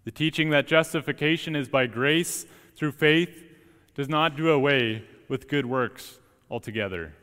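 A young man, a student preacher, delivering an earnest, emphatic sermon with deliberate pauses in a church. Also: mid-range voice, fairly bright tone, clear, resonant tone. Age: young adult. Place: church sanctuary. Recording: long church reverb.

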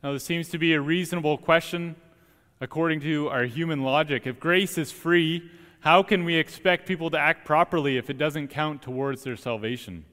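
A young man, a student preacher, delivering an earnest, emphatic sermon with deliberate pauses in a church. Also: fairly high pitch, fairly bright tone. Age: young adult. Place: church sanctuary. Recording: long church reverb.

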